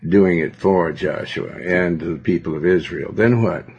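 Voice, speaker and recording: A man's voice: low-pitched, measured pace, darkish tone. A male pastor preaching a sermon in a domineering, rambling way, full of fillers. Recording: dull lo-fi recording.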